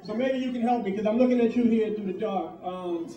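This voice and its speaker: High-voiced profane New comedian. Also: male voice, fast, dull audio. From Puerto Rico heritage, New York. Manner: profane, animated, talks to the crowd. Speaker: stand-up comedian. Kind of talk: stand-up comedy set. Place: comedy club, live audience. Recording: echoey club from far off.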